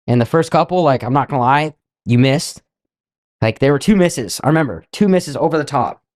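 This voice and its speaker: A man's voice: a little high, animated, a little fast, darkish tone, dry recording. A young man co-hosting a podcast, casually retelling a night out in a loose, profane way with quoted asides. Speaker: podcast co-host. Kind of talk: casual storytelling.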